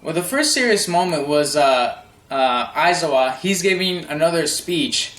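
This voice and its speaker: A young man casually reviewing a manga chapter, excited and rambling, laughing often and stumbling over fillers and restarts. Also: a little high, measured pace, roomy sound.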